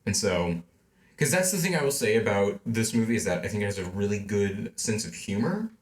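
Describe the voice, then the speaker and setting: A man's voice: fairly low pitch, very animated, brisk. A man co-hosting a casual amateur film podcast, rambling and filling with "like" as he chats. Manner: rambling, heavy use of "like". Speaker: podcast co-host. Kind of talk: casual chat. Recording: roomy echo.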